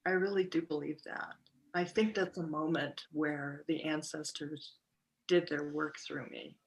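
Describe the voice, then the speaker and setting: Middle-aged woman, podcast guest, personal storytelling, halting, lots of ums and restarts. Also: deep voice, fairly even intonation, creaky. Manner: halting, many fillers and restarts.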